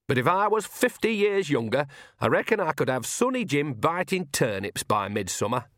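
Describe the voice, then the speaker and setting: Hombre haciendo de vieja bruja descarada. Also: male voice, a little high, very animated, moderate pace, fairly bright tone, no room sound, clean studio sound, voice pushed up. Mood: scheming. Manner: blunt, bawdy, growling. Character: shameless, earthy old witch woman.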